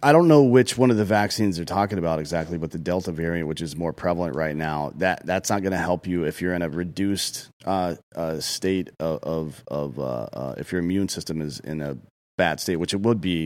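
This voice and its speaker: A deep-voiced man holds forth on a casual podcast. His talk is blunt and heated, thick with profanity, the tone of someone airing strong opinions. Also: a little mellow. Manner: blunt, heated, swears often. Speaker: podcast co-host.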